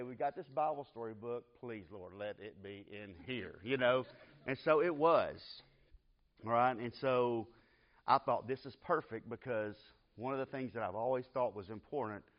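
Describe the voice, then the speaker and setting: Earnest man telling a story in class. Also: medium pitch. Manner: earnest, emotional storytelling with a conversational drawl. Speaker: Bible class teacher. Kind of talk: personal story told in a church class. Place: church classroom. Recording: dull lo-fi class recording.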